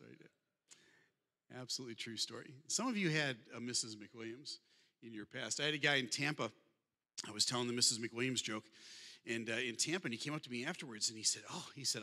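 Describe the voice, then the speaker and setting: Fast-talking, bright-voiced man storyteller. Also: mid-range voice. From Michigan, USA. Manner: humorous, conversational, addresses the audience directly. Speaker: guest speaker. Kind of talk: storytelling talk. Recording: long hall reverb.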